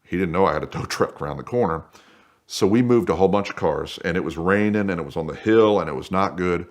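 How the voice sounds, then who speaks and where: Deep-voiced man telling a story. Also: fast talker. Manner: animated, acts out voices in quotes. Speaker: guest storyteller. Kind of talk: casual spoken anecdote.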